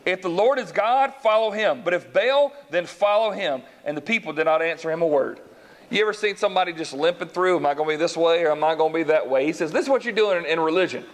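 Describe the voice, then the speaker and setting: A man preaches from scripture in a high, lively voice. He reads the passage, then breaks off to explain it and acts out its characters. He keeps turning to his listeners with questions. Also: fast. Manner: animated, acts out voices in the story, asks the congregation questions. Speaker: pastor. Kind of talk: sermon reading and explaining scripture.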